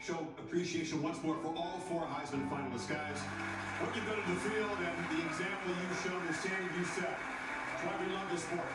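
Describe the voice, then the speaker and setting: Male ceremony presenter, formal measured delivery, fairly high voice, distant echoey broadcast sound. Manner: measured, declaiming list of names. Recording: echoey hall from far off, loud music under.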